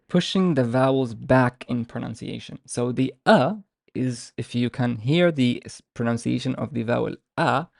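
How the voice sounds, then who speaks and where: Gravelly-voiced male language teacher. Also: medium pitch, a little mellow, no room sound, studio quality. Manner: patient, repeats words, demonstrates sounds slowly. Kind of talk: explanatory lesson.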